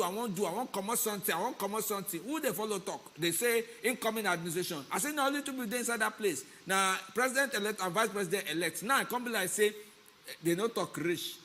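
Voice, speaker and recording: A man with a Nigerian accent trades banter as a talk-show co-host. His voice sits high for a man, and he delivers everything in a playful, sing-song way. He sounds animated and loose in the studio. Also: slight background noise. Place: broadcast studio.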